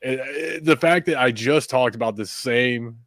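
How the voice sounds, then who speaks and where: A man as a podcast guest, telling paranormal stories in casual chat with frequent fillers and quick laughs. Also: mid-range voice, dry recording, clean studio sound. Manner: animated storyteller, quick laughs, many fillers.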